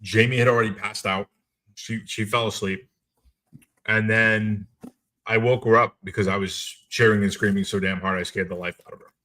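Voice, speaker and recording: Middle-aged male co-host, lowish and bright, emphatic talker. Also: moderate pace. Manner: excited, emphatic storytelling. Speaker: podcast co-host. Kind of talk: casual chat.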